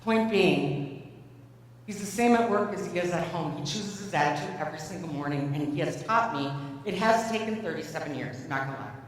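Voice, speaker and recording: A woman's voice: on the low side, lively intonation, fairly quick. Playful middle-aged woman giving a keynote. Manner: playful, self-mocking storytelling with acted-out dialogue. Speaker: keynote speaker. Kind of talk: humorous motivational keynote. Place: large conference hall. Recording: echoey hall, distant mic, faint hum.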